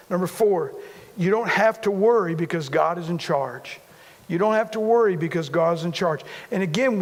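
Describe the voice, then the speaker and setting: High-voiced pastor in a reverberant hall. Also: male voice. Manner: conversational, repetitive, self-deprecating humor. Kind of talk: sermon.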